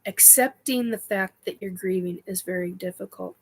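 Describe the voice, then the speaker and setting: Her voice is medium-pitched and husky, and the recording is rough, as this middle-aged woman hosts a spiritual livestream. She responds to viewer questions haltingly, with frequent ums and self-corrections.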